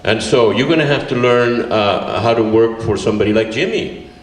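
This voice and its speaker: A man's voice: medium pitch, normal speed, lightly acted. An older man quoting a stern young schoolteacher lecturing a boy, in a firm, matter-of-fact tone. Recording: roomy, distant live recording.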